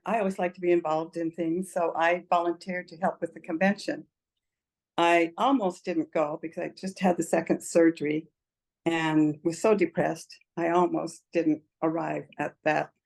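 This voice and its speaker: A woman's voice: fairly low pitch, a little mellow. An older woman telling her personal story in an interview, earnest and emotional, laughing often as she speaks. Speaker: interview guest. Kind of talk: personal testimony in conversation.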